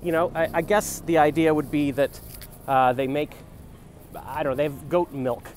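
A young comedian vlogger rambles on a city street, musing and free-associating in a comic vlog shot on a handheld phone. His voice is on the high side and a little mellow, with fairly even intonation and a moderate pace. A little hiss or hum runs under the audio.

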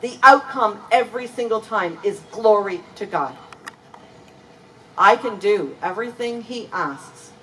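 A woman preaching a sermon in an unhurried, deliberate way, pressing hard on the words she wants to land. She sounds a little distant from the mic, with a faint hiss of room noise behind her. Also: medium pitch, pushed and bright. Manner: earnest, emphatic preaching with slow deliberate stresses. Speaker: pastor. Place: church.

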